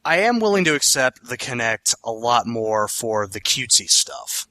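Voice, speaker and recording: A man's voice: mid-range voice, sing-song, normal speed, pushed and bright, no echo. A man co-hosting a podcast, chatting casually about video games in a rambling, self-correcting, opinionated way. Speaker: podcast co-host.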